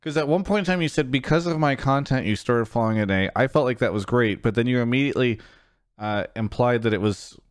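A young man hosting a casual esports discussion, speaking in a measured way and choosing his words with care. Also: medium pitch, clear, resonant tone, no echo, studio quality. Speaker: host.

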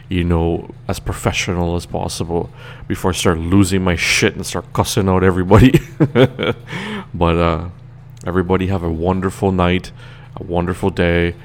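A man's voice: deep voice, a little hiss or hum. A man with a Trinidadian accent hosting his own radio show in a loose, chatty monologue, tired and rambling, laughing now and then.

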